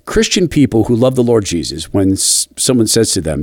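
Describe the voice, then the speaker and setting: A man giving an opinionated commentary monologue, speaking deliberately and slowing down for emphasis. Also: lowish voice, big pitch swings, darkish tone, no room sound, studio quality. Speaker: political commentator.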